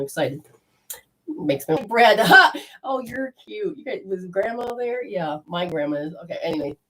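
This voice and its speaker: Woman, spiritual medium, live channeling session, rambling, animated, loud-to-hushed swings. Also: medium pitch, rough recording.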